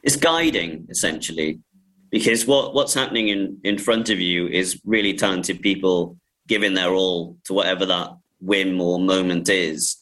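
A man's voice: sits low, normal speed, a bit bright, rough recording. A man, a film director chatting in an interview, laughing often and restarting his sentences. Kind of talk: casual interview talk.

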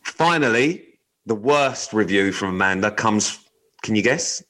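A man's voice: on the low side, animated, measured pace, bright, forceful tone, poor audio. A young man co-hosting a casual chat show, reading odd news stories aloud with jokey, wry asides and casual swearing. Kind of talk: casual radio-style chat.

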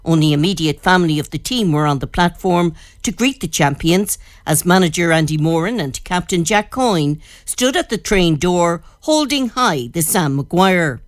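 A woman's voice: lowish voice, no room sound. Dry-sounding woman news reporter.

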